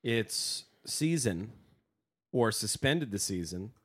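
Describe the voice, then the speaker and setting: A man with a somewhat low voice jokes around in a casual podcast chat. He talks loosely and throws in quick asides. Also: expressive, husky. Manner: joking, loose. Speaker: podcast co-host.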